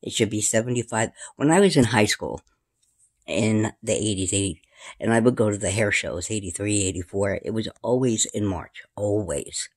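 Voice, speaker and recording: A woman, filming at home and rambling casually to her camera and her cat, often sliding into a high sing-song baby voice. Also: moderate pace, breathy edge. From New York. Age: 50s. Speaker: paranormal vlogger. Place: indoors at home in a room.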